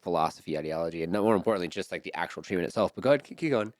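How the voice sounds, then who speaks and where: Deep-voiced enthusiastic male podcast host. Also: racing, dry recording. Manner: enthusiastic, chatty, bursts of excitement. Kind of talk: casual interview chat.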